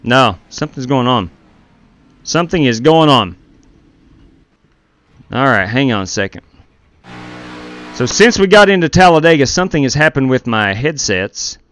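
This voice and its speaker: A man's voice: mid-range voice, expressive, moderate pace, long pauses, fairly bright tone. A man hosting a sim racing live stream through a gaming headset, chatting casually with viewers while running the race lobby.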